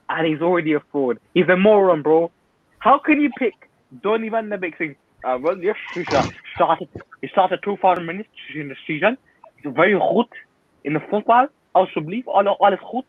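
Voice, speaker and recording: A young man rants loudly about football, all hot takes and quick asides. His voice sits a little high. It comes through a tinny, dry phone-like line. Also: husky, no room sound. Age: young adult. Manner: loud, ranting, opinionated, quick asides. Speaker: guest pundit. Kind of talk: heated football banter.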